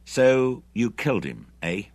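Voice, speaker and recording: A man's voice: mid-range voice, very animated, a little slow, darkish tone, dry recording, voice pushed up. A man voicing a blunt male mercenary commander who talks curt and commanding.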